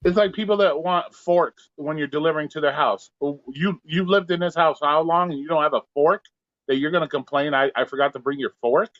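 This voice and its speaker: A man's voice: fairly high pitch, a little fast, a bit bright, no echo, dull audio. A man, a delivery driver, telling stories in casual live-stream chat, blunt and profane, acting out both sides of arguments. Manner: profane, blunt storytelling with quoted back-and-forth. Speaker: gig delivery driver, co-host.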